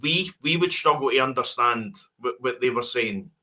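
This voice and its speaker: A man's voice: medium pitch, animated, moderate pace, pushed and bright. A Scottish man co-hosting a casual podcast chat, rambling through thoughts with lots of restarts and repeated words. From Scotland. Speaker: co-host.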